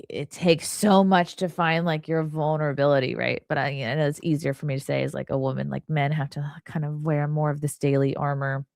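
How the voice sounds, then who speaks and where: A woman's voice: deep voice, vocal fry, no room sound, clean studio sound. A woman hosting a livestream in a casual, rambling way, full of "like" and earnest asides, reading viewer comments between stories. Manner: rambling and chatty, heavy use of "like". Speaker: livestream host.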